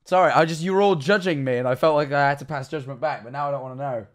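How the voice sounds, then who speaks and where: A man's voice: fairly high pitch, rapid-fire. A young man streaming live, reacting to viewer clips with rambling, incredulous commentary and frequent swearing.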